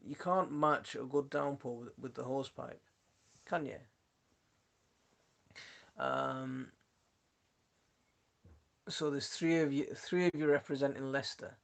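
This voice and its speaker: A man's voice: fairly high pitch, creaky. A man with a Yorkshire accent hosting a casual gardening live stream, rambling and chatty as he answers viewer comments, laughing often on a phone mic. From Yorkshire, England. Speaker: gardening channel host.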